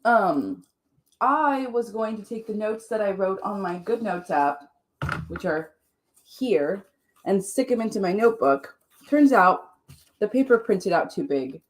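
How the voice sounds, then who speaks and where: A young woman from Chile hosting a casual livestream writing sprint, bubbly and gushing, laughing often. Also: mid-range voice.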